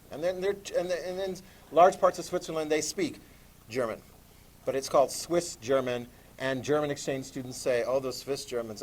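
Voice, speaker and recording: A man teaching a class, lively and animated, asking students questions as he lectures. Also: medium pitch.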